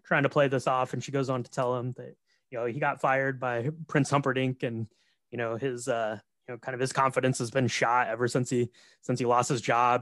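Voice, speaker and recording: A man talks through a movie's story in a relaxed, rambling way, leaning on fillers. His voice sits at a middling pitch, and the recording is dry and close. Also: no room sound. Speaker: podcast co-host. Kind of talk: casual movie recap chat.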